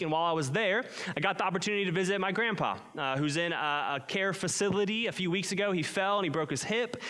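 A young man preaches from the pulpit in an earnest sermon voice. His voice sits high for a man. He slows way down and drops low to land his key points. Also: bright, forceful tone, smooth. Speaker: pastor.

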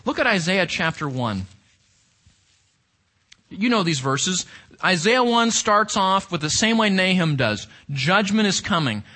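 A man's voice: high voice, big pitch swings, a little slow, pauses often, bright, forceful tone. A male pastor preaching a sermon with emphasis, reading scripture aloud and asking the congregation rhetorical questions.

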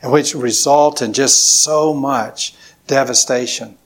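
A man's voice: medium pitch, fairly even intonation, takes it slowly, slight background noise. A man preaching a sermon to a congregation, emphatic, with repetitions and call-and-response. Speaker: pastor.

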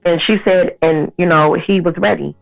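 Woman, 30s, interview guest, personal storytelling, animated, gravelly, tinny lo-fi sound. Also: fairly low pitch, normal speed, faint music behind. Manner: animated, acts out others' lines in her story.

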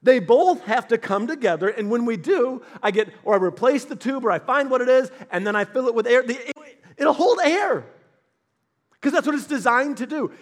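A man preaching a sermon to a congregation in an animated storytelling manner, acting out voices and stressing points loudly. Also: high voice. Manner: animated, storytelling with acted voices, sudden loud emphasis. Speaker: pastor.

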